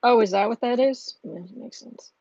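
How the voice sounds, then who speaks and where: A woman hosting a casual livestream and reading viewer comments aloud, chatty and quick to laugh. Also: fairly high pitch, gravelly, warm tone, no echo, highs cut off. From northern United States. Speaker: tarot reader and channel host.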